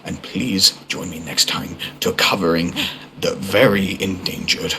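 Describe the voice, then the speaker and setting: A man's voice: sits low, fairly even intonation, a little slow, background noise. A man putting on a pompous nature-documentary narrator voice in voice chat, speaking with mock-solemn gravity. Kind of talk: voice chat role-play.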